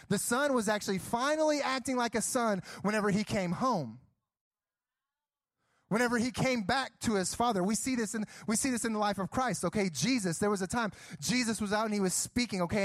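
A young adult man preaching a sermon, telling stories with acted-out dialogue and rising to near shouts. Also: high voice, no echo. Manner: animated storytelling, acts out dialogue, rises to near shouts.

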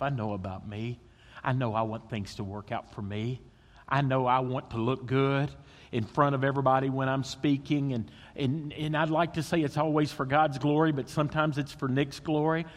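A man preaching a sermon as pastor, swinging between loud emphasis and hushed, intimate tones. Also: medium pitch, fairly even intonation, moderate pace, long reverb tail.

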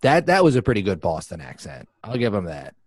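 A man's voice: fairly low pitch, huge pitch swings, a little fast. A man co-hosting a comedy radio show, in theatrical, mock-indignant banter. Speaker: radio co-host.

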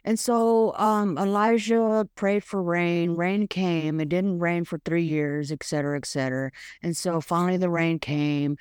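A woman's voice: on the low side, fairly even intonation, unhurried, hardly any pauses, darkish tone, clear, resonant tone, no echo, studio quality. A woman hosting a podcast, talking frankly and casually through a devotional monologue with plenty of fillers. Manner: frank, chatty, swears casually, many fillers. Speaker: podcast host.

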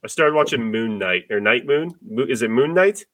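Bright, dry-sounding man. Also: mid-range voice, expressive, normal speed, no room sound. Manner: rambling, swears freely, laughs often. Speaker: podcast host. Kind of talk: casual chat.

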